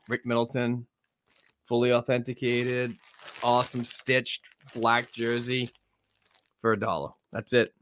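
A man's voice: mid-range voice, slight background noise. A man hosting a sports podcast in casual chat, rambling loosely with many fillers. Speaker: podcast host.

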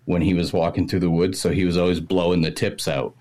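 A low-voiced man with a Maine accent, talking loosely in a casual podcast chat. He tells rambling, laid-back stories about local folks. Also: flat delivery, fast talker, a little mellow. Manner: laid-back storyteller who slips into an exaggerated old-timer accent for impressions. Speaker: podcast host.

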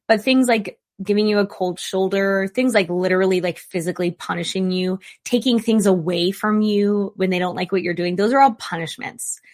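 A woman's voice: medium pitch, normal speed, few pauses, darkish tone. A woman therapist giving casual, direct relationship advice in an emphatic voice, firing off rhetorical questions. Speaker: licensed therapist.

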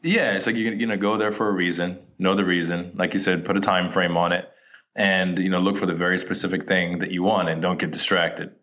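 A man in casual podcast chat, relaxed and laughing often, with many "like"s and "you know"s, talking about filmmaking. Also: low-pitched, brisk, muffled recording.

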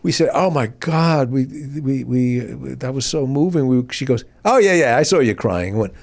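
A man in his sixties hosting a podcast, telling stories in a casual, animated way and acting out quotes. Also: normal speed. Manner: animated, acts out quotes with big pitch jumps. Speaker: podcast host. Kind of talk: casual storytelling chat.

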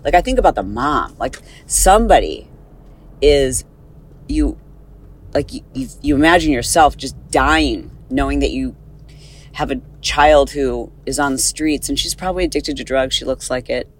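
A woman podcast host chatting casually in a car, rambling and animated, with a slight lisp from recent dental work. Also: extremely low pitch, moderate pace, low-quality recording. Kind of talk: casual chat, recorded on the go.

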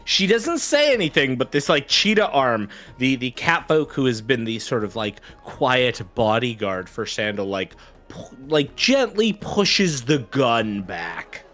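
Slow-narrating man running a tabletop game. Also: mid-range voice, sing-song, fairly bright tone. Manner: unhurried, describes scenes with many fillers. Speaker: game master.

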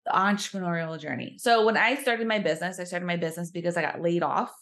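A woman's voice: fairly low pitch, fast, a bit bright. A woman, chatting as a podcast guest and using lots of fillers. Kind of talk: casual chat.

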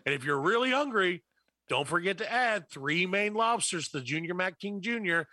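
Brief: male podcast co-host, playful over-the-top riffing, bright tone, dry close sound. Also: high voice, animated, normal speed, no echo. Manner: joking, exaggerated ad-read delivery. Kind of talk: comedic casual chat with a mock ad.

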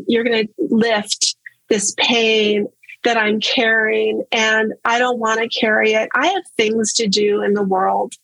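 A woman's voice: a little high, gravelly, fairly bright tone, husky, no room sound, poor audio. A woman telling her personal story in casual conversation, earnest and open, often repeating words for emphasis. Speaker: guest sharing her story.

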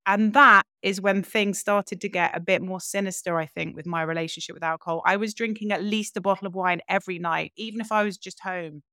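A woman's voice: mid-range voice, fairly even intonation, a little fast, hardly any pauses, bright, forceful tone, dry recording, clean studio sound. A woman, a podcast guest telling her own story in a frank, reflective way. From London, England. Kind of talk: candid personal storytelling.

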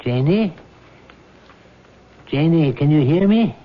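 Cool clinical doctor, measured and dismissive, lo-fi old radio play. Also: male voice, on the high side, lively intonation. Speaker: hospital doctor. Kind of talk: 1970s radio drama acting. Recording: dull lo-fi old radio recording with faint hiss.

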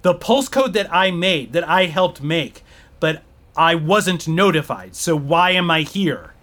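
A man's voice: on the high side, big pitch swings, measured pace, a bit bright. A man playing a flustered, hesitant man who repeats an unseen voice's words aloud, stammering and apologizing in an audio drama. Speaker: human relaying an alien's words.

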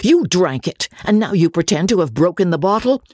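A woman's voice: fairly low pitch, very animated, a little fast, a little mellow, dry recording, studio quality, pitched above the performer's own voice. A woman voicing an arrogant teenage school bully in an audiobook, with a sneering, contemptuous delivery. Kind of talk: audiobook reading.

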